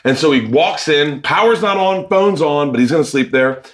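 A man's voice: fairly high pitch, animated, normal speed, fairly bright tone. A man, the host and a comedian, telling profane stories with energy in a casual chat.

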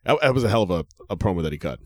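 A man's voice: on the low side, big pitch swings, rapid-fire, dry recording, clean studio sound. A man in his forties co-hosting a podcast, chatting casually and rambling with frequent fillers and laughs. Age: 40s. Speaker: podcast co-host. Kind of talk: casual chat.

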